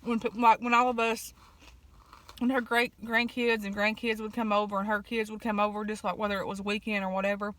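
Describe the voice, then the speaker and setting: A woman, chatting casually and telling family stories in an eat-with-me vlog, folksy, with fillers and throat clearing. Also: medium pitch, little pitch movement, fairly quick, fairly bright tone. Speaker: vlogger.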